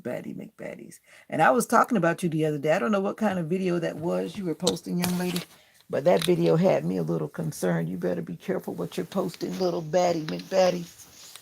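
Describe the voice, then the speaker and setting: A woman with a fairly low, creaky voice hosts a late-night livestream from her ring-lit home, praying and then chatting directly with viewers, often repeating her questions to them. There is noticeable background noise.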